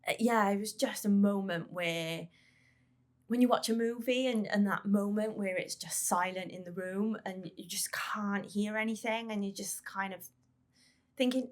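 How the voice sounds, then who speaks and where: A woman of medium pitch recounts, in a podcast interview, what it's like to parent a child with a brain injury. Her telling is halting and full of repeated words, and she acts out remembered exchanges.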